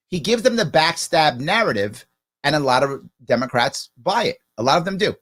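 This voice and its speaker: A man's voice: fairly high pitch, very animated, moderate pace, a bit bright. A man hosting a livestream, reacting sarcastically to a political speech and answering viewer comments. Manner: sarcastic, talks back at the clip. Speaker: livestream host.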